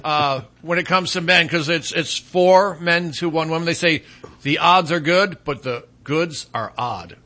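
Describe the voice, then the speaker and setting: A man hosting a casual talk show, animated and joking, trailing off into fillers as he talks. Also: a little high, unhurried. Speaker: host.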